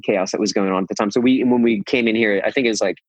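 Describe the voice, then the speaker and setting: A man's voice: on the low side, fairly even intonation, rapid-fire, no room sound, muffled recording. Rambling man with a Californian accent. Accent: Californian American. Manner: rambling, many restarts and fillers, laughs often. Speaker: guest musician. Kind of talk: casual interview chat.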